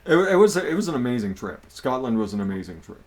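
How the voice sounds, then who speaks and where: A man's voice: medium pitch, very animated, fast talker. A man hosting a casual livestream chat, rambling and often repeating himself. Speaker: livestream host.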